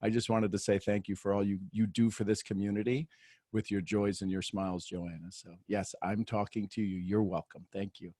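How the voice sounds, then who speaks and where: A man hosting a live group call, coaching a caller and gently asking her permission before he guides her. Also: lowish voice, flat delivery, a little fast, dry recording, clean studio sound. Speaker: host and coach.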